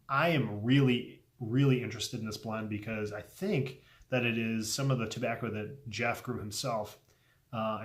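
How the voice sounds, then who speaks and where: Earnest man unboxing a gift, softly moved. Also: medium pitch. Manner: earnest, heartfelt, often trailing off softly with ums. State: moved, a little emotional. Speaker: pipe tobacco video host. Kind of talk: casual unboxing vlog.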